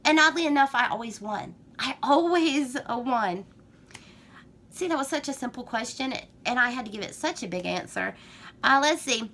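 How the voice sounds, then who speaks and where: A woman's voice: high voice, animated, normal speed, sharp tone. A woman with a Southern US accent chatting through a get-to-know-me tag vlog, rambling and gushing. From Georgia, US. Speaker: vlogger.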